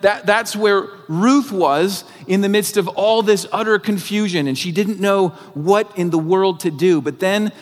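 A man with a high voice preaches to his congregation in an earnest, conversational way, often padding his phrases with "like". His words ring out with a long reverb in a church sanctuary. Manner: conversational, earnest, many filler "like"s. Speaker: pastor. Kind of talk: sermon.

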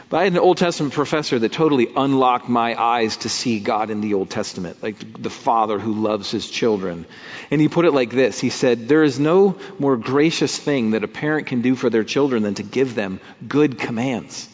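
A man's voice: mid-range voice, moderate pace, a little mellow. A man preaching a sermon in a conversational way, with vivid everyday images. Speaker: pastor. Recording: dull sound with long hall reverb.

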